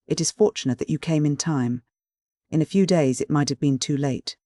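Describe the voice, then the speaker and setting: A man's voice: on the high side, normal speed, dark tone, dry recording, clean studio sound, natural voice. A man voicing a proud, cold noble countess, formal and commanding in a storybook reading. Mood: bitter.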